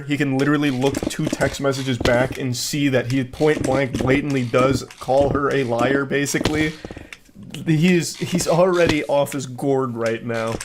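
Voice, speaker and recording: Brief: young male gamer, sarcastic and profane, mid-pitch voice over busy mouse clicks. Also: background noise. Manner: sarcastic and profane, reading texts aloud. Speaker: gaming streamer. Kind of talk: casual commentary while gaming.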